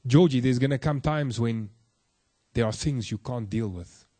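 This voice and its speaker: A man preaches a sermon to a room of listeners, earnest and direct. He slows to stress key phrases and often drops to a soft, low close. The sound is dry and close, with little room echo. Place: room with a congregation.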